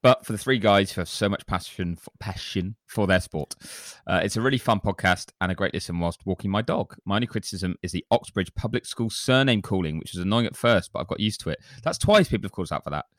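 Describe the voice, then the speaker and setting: A low-pitched man hosts a casual podcast, chatty and self-deprecating as he reads listener reviews aloud. His voice is deep, and the sound is dry and close to the mic. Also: quick pace, hardly any pauses, fairly bright tone, no room sound. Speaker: podcast host.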